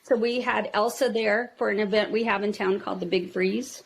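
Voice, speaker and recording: A woman's voice: mid-range voice, moderate pace, gravelly, slight background noise. Chatty Minnesota woman telling stories. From United States. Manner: chatty, acts out quotes in lively voices. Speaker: toy store owner, guest. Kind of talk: casual storytelling interview.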